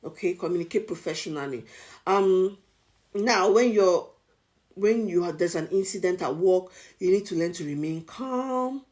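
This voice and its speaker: A woman's voice: on the low side, lively intonation, normal speed, a little mellow. A woman from Nigeria with a Nigerian accent, giving casual advice to viewers in an emphatic, repetitive coaching manner. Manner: emphatic, repeats points, coaching tone. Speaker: advice vlogger.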